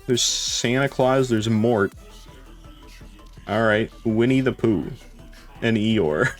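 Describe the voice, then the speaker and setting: A young man chats casually on a live stream, rambling, laughing often, and swearing now and then. His voice is fairly low and his pace slow, with faint music playing behind him.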